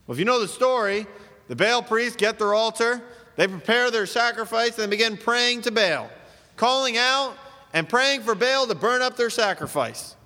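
A man's voice: extremely high pitch, expressive, normal speed, pushed and bright, long reverb tail. A man preaching a sermon as pastor, emphatic and full of rhetorical questions.

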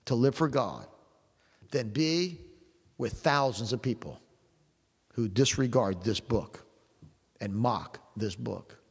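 A man's voice: mid-range voice, animated, slow pace, vocal fry, long pauses, breathy edge. A male preacher delivering a sermon with an emphatic, repetitive preaching cadence. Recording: long hall reverb.

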